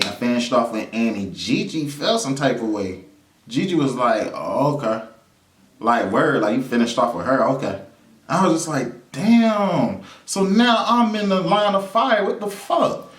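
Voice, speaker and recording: A man hosting his own vlog, telling a personal story in a loose, animated way with frequent laughs and repeated phrases. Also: mid-range voice. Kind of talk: casual storytelling monologue. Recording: roomy sound from a distance to the mic.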